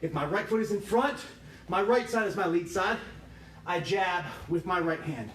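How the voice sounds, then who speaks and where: High-voiced man coaching a workout class. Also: moderate pace, a bit bright, slight background noise. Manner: upbeat, counting reps, joking with students. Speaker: kickboxing instructor. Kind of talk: livestreamed workout class instruction. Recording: echoey room with music behind.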